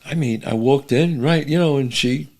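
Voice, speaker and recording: A man who is a guest on a podcast, telling animated, profane stories from his youth in casual chat. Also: medium pitch, normal speed.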